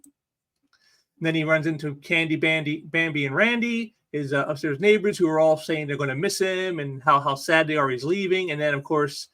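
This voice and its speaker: An enthusiastic man talks casually through a comic book, as host of his own review show. His voice is a bit higher than most men's and sounds bright and forceful. He talks in a chatty, eager way. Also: moderate pace. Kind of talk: casual video commentary.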